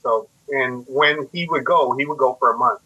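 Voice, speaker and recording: In a casual interview, a Canadian man in his forties tells stories as a guest, reflective and self-deprecating, explaining things step by step. His mid-range voice is husky with a sharp tone and normal speed, and the audio is muffled and lo-fi.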